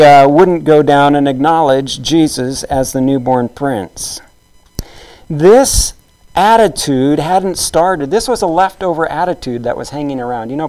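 Man, preacher, sermon, storytelling, conversational, slightly high voice. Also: a little mellow, clean tone, rough recording. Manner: conversational storytelling, acts out quotes.

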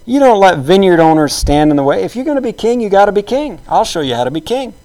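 A man's voice: high-pitched, sing-song, quick pace, dark tone, poor audio. A man voicing a scornful, bossy queen. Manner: bossy, scoffing. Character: scornful domineering queen, woman.

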